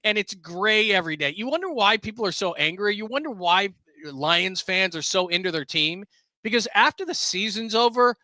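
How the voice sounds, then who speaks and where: Middle-aged male sports broadcaster, high bright voice, animated storyteller. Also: moderate pace, dry recording. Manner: animated, bursts into shouts when quoting. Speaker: sports radio broadcaster, guest. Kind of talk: casual podcast chat, storytelling.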